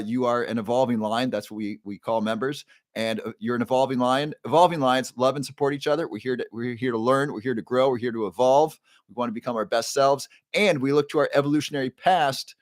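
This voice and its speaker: A man's voice: medium pitch, dry recording, studio quality. A man hosting a casual live stream as a neuroscientist, upbeat, greeting viewers by name and often restarting his sentences.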